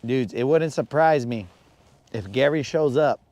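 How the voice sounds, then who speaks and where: A man's voice: medium pitch, a little slow, darkish tone, dry recording, highs cut off. Laid-back man streaming from a boat. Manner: laid-back, slangy, talks to chat viewers. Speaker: fishing livestream host. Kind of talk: casual livestream chat. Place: on a fishing boat on a lake.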